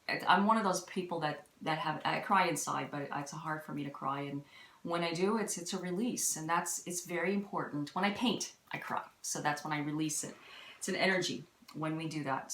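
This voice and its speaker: A woman hosting a live stream, talking gently and rambling about spirituality, with many restarts. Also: lowish voice. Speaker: intuitive reader and live-stream host. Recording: roomy echo.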